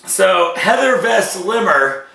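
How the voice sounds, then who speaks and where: A man hosts a casual food-tasting video, joking and stretching out his reactions. His voice is bright and slightly high, and it rises and falls a lot. The sound carries the echo of a bare room. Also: creaky. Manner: animated, joking, drawn-out reactions. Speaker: show host. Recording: echoey room.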